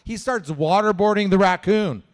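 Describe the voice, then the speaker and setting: A man's voice: high-pitched, moderate pace, clean tone. A man from Canada doing a stand-up comedy set, telling a story with lots of swearing and acting out the voices. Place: comedy show venue with live audience.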